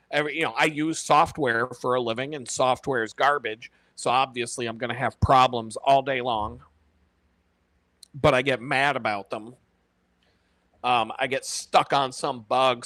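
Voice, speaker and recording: A man hosting a casual live stream, talking in an animated, profane way and laughing often. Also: medium pitch, no room sound.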